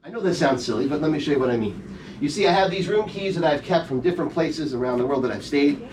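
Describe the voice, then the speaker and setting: A middle-aged stage magician full of playful patter, his voice rising and falling in a lively, animated way as he jokes with volunteers. He sounds a little higher than most men. He is caught from a distance by a camera in the audience, with faint room noise underneath. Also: fast, a crowd in the background. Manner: playful, teasing audience banter. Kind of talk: live comedy magic show patter. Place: theater show room, recorded from the audience. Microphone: audience member's camera from the front row.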